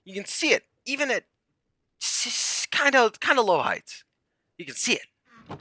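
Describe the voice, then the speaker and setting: A man ranting to the camera, heated and sarcastic, swinging between yelling and muttering. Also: very high-pitched, very animated, unhurried, long pauses, dry recording, clean studio sound. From United States. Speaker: comedian vlogger. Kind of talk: comedic rant to camera.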